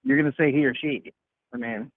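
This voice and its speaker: A man's voice: mid-range voice, steady tone, fairly quick. A man calling in to argue, blunt and scoffing, talking over the other speaker. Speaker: caller. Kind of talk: casual debate. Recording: tinny phone-like call line.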